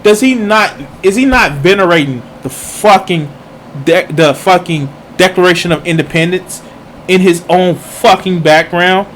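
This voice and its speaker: A man delivers profane reaction commentary in a somewhat high voice. He is heated and mocking, cursing in nearly every line. A faint hiss sits behind him. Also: measured pace, fairly bright tone. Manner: heated, mocking, swears constantly. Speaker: streamer reacting to videos.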